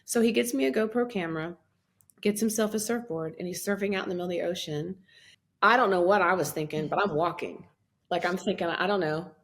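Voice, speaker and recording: A woman in her fifties telling her story as a podcast guest, animated, acting out her own past words with a lifted voice and laughing often as she talks. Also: on the low side, fairly quick. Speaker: guest, minister and life coach. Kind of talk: personal storytelling in a podcast interview.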